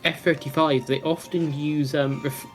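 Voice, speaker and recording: A man in casual voice chat, chiming in with examples and acting out quick imagined lines. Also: a little high, level tone, faint music behind. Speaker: voice chat guest.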